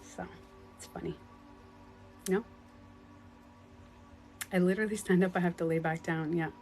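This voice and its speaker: Woman life coach chatting live on her phone at home, earnest, rambly, quick laughs, faint music behind. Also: lowish voice, fairly even intonation, darkish tone. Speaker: spiritual life coach on a livestream. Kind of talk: casual livestream chat.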